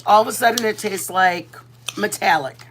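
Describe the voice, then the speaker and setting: A woman's voice: medium pitch, moderate pace, noisy background. A woman from Texas chatting casually while she cooks on a livestream, laughing often and mixing in Spanish words. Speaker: vlogger. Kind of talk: casual cooking livestream chat.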